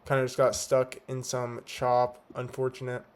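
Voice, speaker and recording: A man's voice: medium pitch, completely flat delivery, normal speed, smooth. A young man giving a laid-back, slangy recap of his trading day, talking with a slight lisp from teeth whitening strips. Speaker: day trader. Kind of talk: casual trade recap. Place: home at night.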